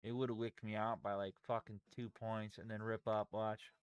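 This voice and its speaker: A man commentating his live trades, swearing heavily and swinging from low muttering to angry yelling. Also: little pitch movement, moderate pace, clean tone, no room sound. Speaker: day trader streaming live.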